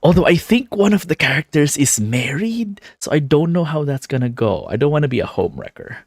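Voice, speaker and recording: A man's voice: on the high side, very animated, brisk, no echo, studio quality. A man streaming a visual novel, commenting casually and chatting with a laugh. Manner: chatty, laughing, self-deprecating. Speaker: game streamer.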